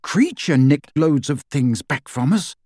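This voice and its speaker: A man's voice: a little high, expressive, unhurried, darkish tone, no room sound, studio quality. A man voicing a determined young male wizard who speaks in an urgent, commanding way in an audiobook. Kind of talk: audiobook character voice.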